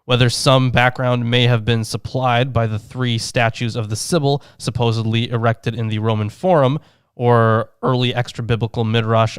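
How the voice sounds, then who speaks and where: A man's voice: mid-range voice, smooth, dry recording, studio quality. A man co-hosting a casual podcast, reading scholarly commentary and cracking profane jokes. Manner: joking, profane asides, reads scholarly notes. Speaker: podcast co-host.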